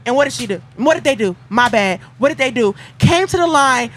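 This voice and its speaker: A woman giving an animated, casual recap of a race, playful and dramatic, acting out what runners might say. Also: very high-pitched, moderate pace, few pauses. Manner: playful, dramatic, acts out quotes. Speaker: track and field commentator. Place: outdoors at a stadium.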